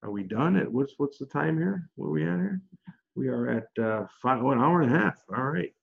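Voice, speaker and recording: A man's voice: mid-range voice, expressive, fairly quick, vocal fry, highs cut off. A man leading a casual group coaching call, talking in a chatty, encouraging way with lots of fillers.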